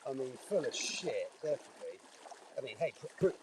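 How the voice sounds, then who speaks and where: A man's voice: medium pitch, very animated, normal speed, recorded from a distance. Rambling man by a running river. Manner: joking, meandering, with frequent restarts. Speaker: vlogger. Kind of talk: rambling outdoor monologue. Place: outdoors by a river, feet in the water. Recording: outdoor recording with running water noise. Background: running water.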